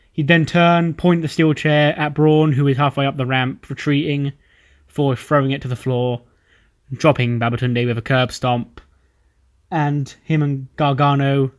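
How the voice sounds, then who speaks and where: A man casually narrating the events of a wrestling management game as he plays. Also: medium pitch. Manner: laid-back narration of booking a wrestling show. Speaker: let's play commentator.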